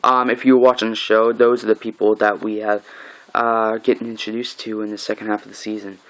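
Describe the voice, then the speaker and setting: A man's voice: on the low side, a little fast, rough recording. A man giving a casual comic book recap, reading the dialogue aloud in an offhand way, with frequent "uh"s and "like"s. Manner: reads the dialogue aloud in a flat, offhand way, with many "uh"s and "like"s.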